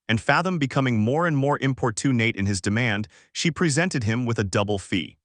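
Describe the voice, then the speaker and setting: A man narrating a classic novel in an audiobook with a steady, formal reading. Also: mid-range voice, no room sound, studio quality.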